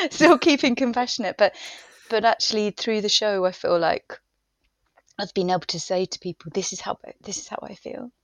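A woman guest talking through grief in an interview, halting and searching for words, often emotional. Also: medium pitch, vocal fry, no echo.

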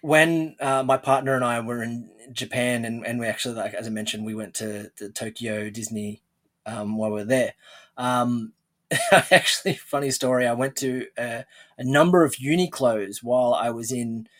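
A man's voice: mid-range voice, steady tone, normal speed, fairly bright tone. A man hosting an interview podcast, chatting casually and rambling with restarts and laughs. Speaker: podcast host.

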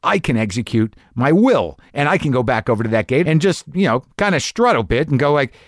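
A man's voice: medium pitch, big pitch swings, a little fast, no echo, studio quality. A middle-aged man telling a long story in a casual monologue, ranting and swearing, mocking himself and acting out what people said. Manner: profane, ranting, self-deprecating, acts out quotes.

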